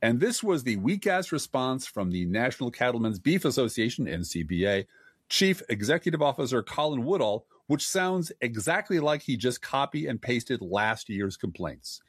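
A man's voice: mid-range voice, very animated, normal speed, breathy edge, dry recording, studio quality. A man co-hosting a political podcast, reading news quotes with sarcasm. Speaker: podcast co-host. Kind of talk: political commentary chat.

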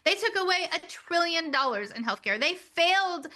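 Woman host, high bright voice, indignant and punchy. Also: animated, normal speed. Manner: indignant, forceful, repetitive emphasis. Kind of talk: political interview talk.

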